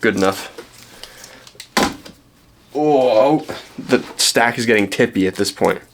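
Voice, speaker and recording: A man's voice: lowish voice, steady tone, fairly quick, noisy background. A young man from Canada, chatting casually and rambling with lots of ums while showing the books he found. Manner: rambling, self-deprecating, many ums and restarts. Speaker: book vlogger.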